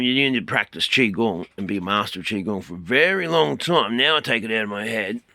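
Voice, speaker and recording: An Australian man talking in an earnest, rambling way, trailing off quietly and then swelling suddenly. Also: fairly low pitch, animated, a little fast, no echo, studio quality. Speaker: host. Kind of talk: rambling spoken talk.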